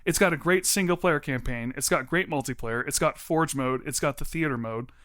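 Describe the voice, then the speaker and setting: A man's voice: a little high, brisk, fairly bright tone. A young man co-hosting a casual podcast chat, talking enthusiastically and rattling off long lists. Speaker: podcast co-host.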